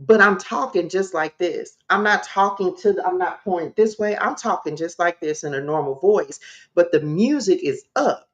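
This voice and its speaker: A woman, a spiritual coach, telling a personal story to her livestream viewers in an animated, direct way. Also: fairly low pitch, normal speed, highs cut off.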